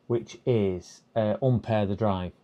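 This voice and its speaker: A man with a low, warm voice speaks slowly on a live repair stream at his workbench, and the highs in the audio are cut off. Chatting casually, he thinks out loud and half-mutters instructions to himself, with hesitant fillers throughout.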